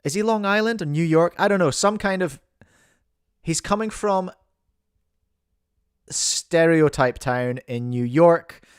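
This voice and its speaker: A man's voice: on the high side, measured pace, pauses often, clean tone, no room sound, clean studio sound. A man with a New Zealand accent hosting a livestream, giving playful, rambling mock sports commentary and mocking himself. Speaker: host and commentator.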